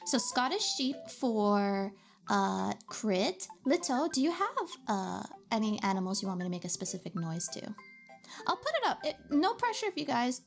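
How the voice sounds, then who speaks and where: A woman's voice: a little high, big pitch swings, normal speed, vocal fry, soft background music. A woman livestreaming a game, chatting with her viewers in a bubbly, giggly way from a home setup. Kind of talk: casual livestream chat.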